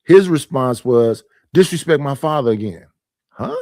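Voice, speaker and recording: A man's voice: mid-range voice, lively intonation, normal speed, darkish tone, no room sound. Guy ranting on his stream, keeps hammering his point, dry no-room sound. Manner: emphatic, argumentative, repeats his points. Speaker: streamer and panel host. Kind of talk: casual monologue on a live stream.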